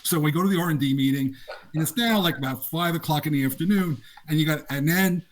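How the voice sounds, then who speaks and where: An older man tells animated stories from his years as a game designer, laughing often as he goes. His voice sits a little high for a man. The talk is a relaxed interview chat. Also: fast talker, slight background noise. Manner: animated, laughing anecdotes with acted quotes. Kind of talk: casual storytelling interview.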